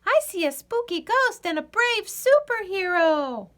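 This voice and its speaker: A woman's voice: very high-pitched, sing-song, unhurried, a bit bright, pitched above the performer's own voice, heavily acted. Woman doing a friendly calling squirrel. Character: friendly curious squirrel up a tree.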